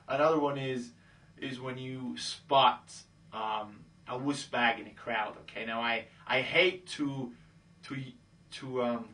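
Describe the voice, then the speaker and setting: A man with a medium-pitched, sharp voice, recorded at a distance, coaches on dating in a casual, instructional way. He stays breezy, slips into quoted voices for pickup lines, and peppers his talk with "okay?"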